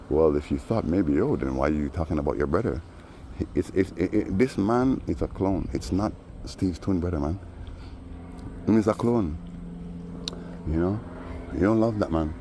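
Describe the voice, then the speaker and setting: A man's voice: very deep voice, lively intonation, moderate pace, warm tone, slight background noise. A man vlogger telling a story in a casual, rambling monologue full of slang and frequent asides. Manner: rambling, street slang, frequent "you know".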